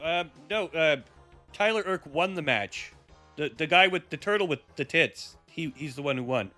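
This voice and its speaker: Brief: man hosting a live stream, bright and high, energetic announcer who swears freely. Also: normal speed, faint music behind. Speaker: host.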